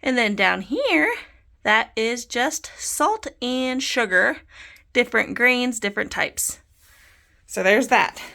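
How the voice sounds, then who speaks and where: A casual woman in her thirties talks through a home tour, unhurried and a little breathless. Her voice has a gravelly edge, and she laughs easily while listing things off. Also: on the high side, lively intonation, bright, forceful tone. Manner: chatty, lists items, laughs often. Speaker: soap maker giving a studio tour. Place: home room.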